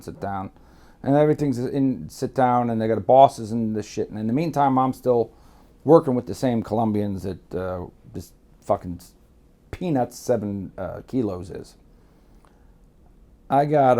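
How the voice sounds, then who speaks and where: A man's voice: fairly low pitch, dark tone. A man from Miami telling stories in a blunt, profane, rambling way. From Miami, USA. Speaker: guest storyteller. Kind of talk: candid storytelling.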